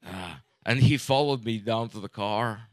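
A man in his forties doing a stand-up comedy set, rambling and deadpan, with halting restarts and profanity. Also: lowish voice, no room sound. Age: 40s.

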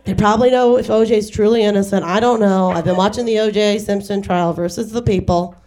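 A woman doing a wry, self-deprecating stand-up set in front of a live audience, with quick acted asides. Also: mid-range voice, fairly even intonation, warm tone. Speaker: stand-up comedian. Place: garage venue with live audience.

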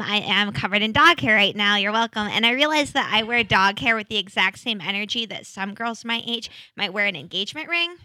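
A young woman from Seattle doing a self-deprecating stand-up set, rambling, with bursts of loud excitement. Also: a little high, no room sound. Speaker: stand-up comic.

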